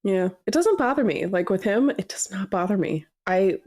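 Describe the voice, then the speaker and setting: A woman in her thirties co-hosting a casual podcast chat, telling lively stories and acting out the voices of people she quotes. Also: mid-range voice, moderate pace, no echo, studio quality. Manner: animated storyteller acting out quotes. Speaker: podcast co-host.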